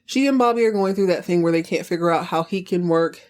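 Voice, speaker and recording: A woman's voice: fairly low pitch, fast, a little mellow. A woman podcast host giving a chatty, sassy recap of a TV episode, wandering off on tangents as she goes.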